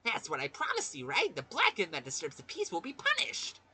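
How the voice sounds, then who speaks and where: A man performing a gleeful, cruel bear mascot with a bright, breathy voice that leaps wildly up and down. The bear taunts everyone in a singsong, theatrical way, savoring every mockery. It sounds like a game character brought to life by a player reading the lines aloud. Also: sits high, huge pitch swings, fairly quick, voice pushed up, heavily acted. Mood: gloating. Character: gleeful, mocking bear mascot who oversees executions.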